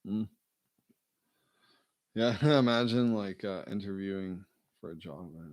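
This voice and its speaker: A man's voice: fairly low pitch, unhurried, darkish tone, no echo. A man in casual, meandering chat, joking and swearing with lots of fillers.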